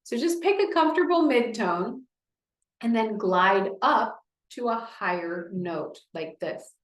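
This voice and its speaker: A woman's voice: fairly high pitch, expressive, slow pace, reverberant, low-quality recording. Encouraging woman speech therapist coaching a class. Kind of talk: leading voice exercises in a class.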